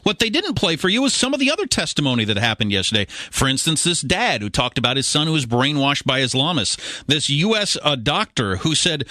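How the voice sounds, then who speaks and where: Indignant high-voiced male radio host. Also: big pitch swings, brisk, sharp tone, dry recording, studio quality. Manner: indignant, incredulous. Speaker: radio talk show host. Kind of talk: opinionated talk radio commentary.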